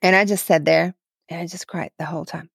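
A woman's voice: fairly low pitch, fairly even intonation, brisk, vocal fry, breathy edge, no room sound, clean studio sound. A woman from Ukraine, a guest in an interview, telling her faith story in an earnest, emotional way with many repetitions. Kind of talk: personal testimony in a podcast interview.

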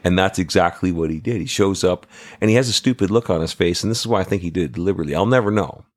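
Deep-voiced man telling rambling stories. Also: rapid-fire. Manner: rambling, salty, frequent fillers and restarts. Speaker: podcast guest. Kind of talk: casual anecdotal storytelling.

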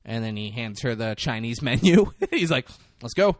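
A man's voice: medium pitch, normal speed, dry recording, clean studio sound. A man casually recapping a film with a co-host, acting out the characters' lines and swearing freely. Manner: animated, acts out movie lines with big vocal swings and swearing. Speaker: podcast co-host. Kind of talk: casual movie recap chat.

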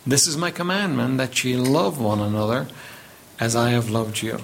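A man's voice: medium pitch, moderate pace, creaky, a little hiss or hum. A man preaching a sermon as pastor, reading scripture aloud and emphatically repeating words as he builds his points.

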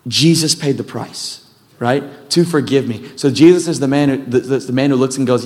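A man's voice: medium pitch, moderate pace, darkish tone. Casual preacher man in a reverberant hall. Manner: casual, rambling, self-deprecating asides. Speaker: pastor. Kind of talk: sermon.

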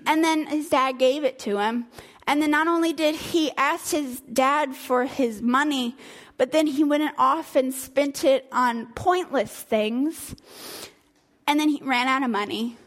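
A woman casually retelling a Bible story in a chatty, animated way. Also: high voice, a little slow. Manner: chatty, animated, laughs between lines.

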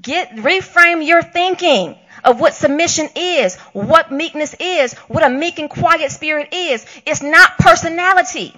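A woman's voice: high-pitched, animated, a little slow, hardly any pauses, pushed and bright, highs cut off. A woman co-hosting a Christian talk show, preaching emphatically and acting out the voices she quotes.

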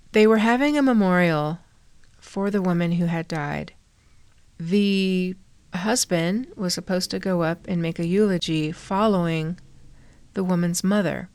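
A woman's voice: fairly low pitch, gravelly, clean tone, no echo. A middle-aged woman hosting a reflective solo podcast, earnestly retelling a story. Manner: earnest, recounting a story with quoted lines. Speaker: podcast host.

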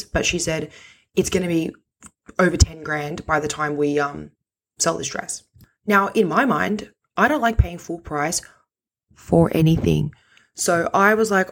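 A woman, hosting a podcast and telling a story in a chatty, expressive, slangy way. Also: lowish voice. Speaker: podcast host. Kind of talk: casual storytelling monologue.

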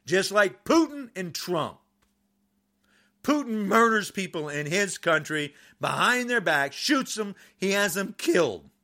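A man's voice: high voice, very animated, measured pace. A man delivering an angry political rant to camera, agitated and repeating insults as he talks. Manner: furious, repetitive, shouting insults. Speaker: podcaster.

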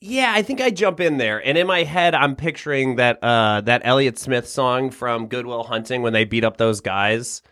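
A man thinks out loud in a loose, hesitant way on a comedy podcast, stumbling over his starts and laughing along as he goes. His voice is recorded dry and close, with no echo. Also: medium pitch, normal speed, few pauses. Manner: hesitant, restarts often, laughs while talking. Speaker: podcast co-host. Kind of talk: casual comedic chat.

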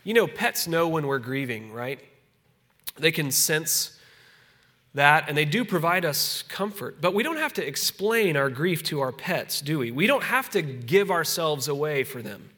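A man preaching a conversational sermon as pastor, easing soft and slow on solemn points. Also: fairly high pitch, lively intonation.

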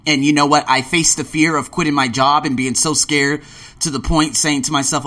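A man's voice: a little high, moderate pace, pushed and bright. A man in his late twenties telling travel stories in a casual vlog, acting out scenes with gasps and little voices. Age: late 20s. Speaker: vlogger.

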